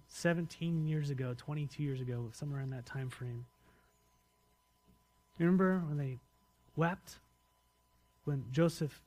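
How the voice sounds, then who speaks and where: A man's voice: on the high side, a little mellow. A man preaching a sermon as pastor, conversational and often putting questions to the congregation.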